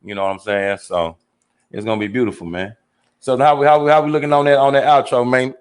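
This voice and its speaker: A man's voice: mid-range voice, fairly even intonation, fast talker, clean tone. A man co-hosting a podcast, talking casually and laid-back with lots of slang and "you know what I mean". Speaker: podcast co-host.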